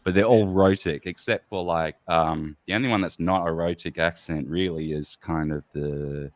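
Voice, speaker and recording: A man's voice: low-pitched, steady tone, moderate pace, no room sound. A man from the United Kingdom hosting a podcast, explaining things in a rambling, casual way full of fillers. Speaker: podcast host. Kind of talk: casual chat.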